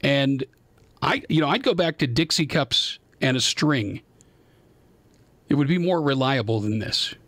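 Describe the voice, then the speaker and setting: A man's voice: medium pitch, lively intonation, a little slow, pauses often, fairly bright tone, no echo. A man hosting a live call-in radio talk show from his studio, rambling and openly exasperated about his equipment. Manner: exasperated, rambling, self-deprecating. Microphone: studio microphone.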